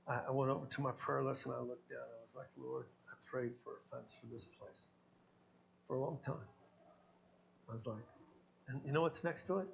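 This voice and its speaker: A man's voice: mid-range voice, creaky, a bit bright. A man, a pastor, preaching a sermon and telling personal stories, acting out the dialogue in them. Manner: storytelling, acting out his own quoted dialogue.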